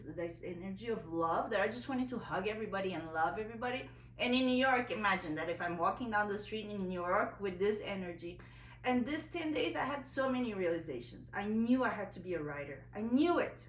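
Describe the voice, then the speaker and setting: A woman's voice: on the high side, roomy sound, far from the mic, slight background noise, poor audio. A woman vlogger telling a personal story in a candid, emotional way, a little nervous, full of fillers and restarts.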